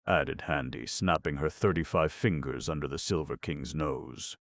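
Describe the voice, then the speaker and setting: Very deep gravelly male narrator. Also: normal speed, hardly any pauses, no echo. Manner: steady storytelling. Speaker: audiobook narrator. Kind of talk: scripted narration.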